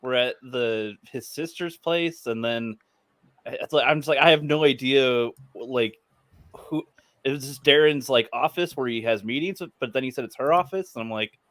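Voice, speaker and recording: A man's voice: medium pitch, normal speed, a bit bright, no room sound. A man on a comic review panel, explaining his criticism in casual chat.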